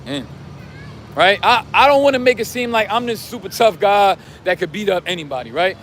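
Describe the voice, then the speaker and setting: Hoarse street-talking man outdoors. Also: sits high, fairly quick, a bit bright, a little hiss or hum. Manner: rambling, street slang, repeats "you know what I'm saying". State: losing his voice. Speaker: vlogger and self-styled life coach. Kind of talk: casual monologue to camera.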